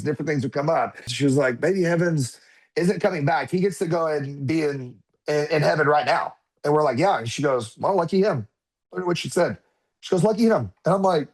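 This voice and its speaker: A man in his thirties, a podcast guest, telling a personal story in conversation and acting out what his children said. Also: fairly high pitch. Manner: animated, acts out quotes of his children.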